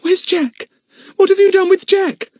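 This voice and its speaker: A man voicing a frightened little girl, high-pitched, shrill and pleading. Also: steady tone, unhurried, no room sound.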